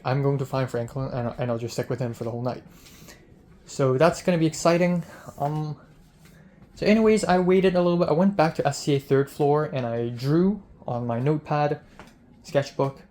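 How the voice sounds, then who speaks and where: A man's voice: mid-range voice, a little mellow. Young man rambling through a vlog diary. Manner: rambling storytelling full of "like" and retold dialogue. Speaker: film student vlogger.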